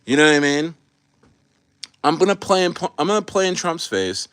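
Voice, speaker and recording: A man's voice: on the high side, sing-song, moderate pace, fairly bright tone, smooth, dry recording, clean studio sound. An American man hosting a casual livestream, rambling and swearing freely, with many restarts. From United States. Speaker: livestream host.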